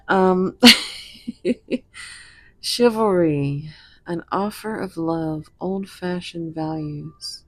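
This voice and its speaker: Slow, low-voiced woman reading tarot. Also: darkish tone. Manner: rambling, giggly, talks to viewers directly. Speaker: tarot reader. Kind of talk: casual tarot reading to camera.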